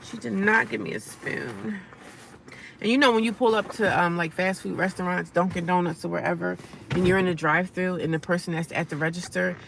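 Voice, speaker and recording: A woman's voice: fairly low pitch, fairly even intonation, brisk, gravelly, far from the mic, a little hiss or hum. A middle-aged woman chatting casually to her phone from inside her car, upbeat and self-encouraging with sassy asides. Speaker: vlogger living in her car. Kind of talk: casual live-stream chat.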